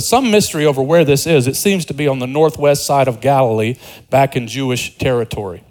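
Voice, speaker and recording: A man's voice: mid-range voice, a little fast, darkish tone, poor audio. A man preaching an expository sermon in a conversational way, repeating words and dropping joking asides.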